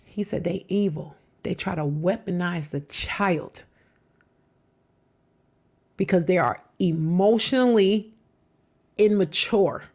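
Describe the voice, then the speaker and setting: A woman's voice: on the low side, slow pace, long pauses, a little mellow. A middle-aged woman hosting a live reaction show, talking back to the clips she plays with emphatic, personal commentary.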